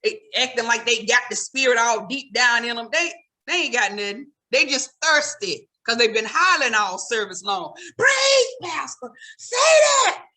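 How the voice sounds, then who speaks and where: A woman's voice: a little high, moderate pace. A woman comedian doing stand-up, talking straight to her audience and teasing them. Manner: animated, teasing direct address to the audience.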